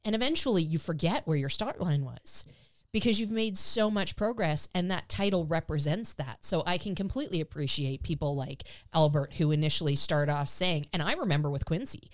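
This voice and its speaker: A woman's voice: low-pitched, lively intonation, a little fast. A middle-aged woman hosting a casual podcast chat, enthusiastic and emotional, with a slight quiver in her voice. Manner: warm, enthusiastic, gets emotional. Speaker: podcast host, dog trainer.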